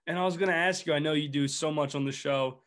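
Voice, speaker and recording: A male interviewer keeps things relaxed and friendly. He asks open questions and plays along with his guest's jokes. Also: a little high, fast. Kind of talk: casual interview talk.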